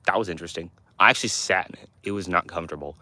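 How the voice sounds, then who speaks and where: A man's voice: low voice, very fast, sharp tone, no room sound. A teenage boy from Montana chatting casually with his livestream viewers, rambling through restarts and fillers. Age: teens. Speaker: livestream host answering chat.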